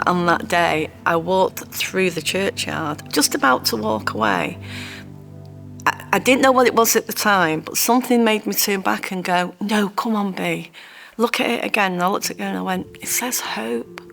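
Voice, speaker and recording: A woman telling her own story in a heartfelt, halting way. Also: medium pitch, vocal fry, fairly bright tone. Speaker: interviewee sharing her story. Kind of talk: personal testimony.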